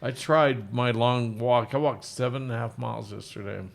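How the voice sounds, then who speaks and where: A man's voice: mid-range voice, normal speed, gravelly. A middle-aged male physician hosting a live Q&A, chatting casually and rambling with self-deprecating jokes. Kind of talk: casual live-stream chat.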